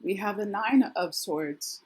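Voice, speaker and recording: A middle-aged woman with a worn, husky voice gives a casual tarot reading, chatty and thinking aloud with frequent restarts. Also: medium pitch, expressive, takes it slowly. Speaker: tarot reader.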